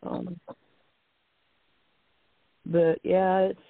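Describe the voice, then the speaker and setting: A woman's voice: on the low side, wildly swooping pitch, drawn-out words, gravelly, no room sound. Older woman chatting over a tinny phone. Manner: rambling, chatty, repeats herself. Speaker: guest, wrestling fan. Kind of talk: casual phone chat. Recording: tinny dry phone line.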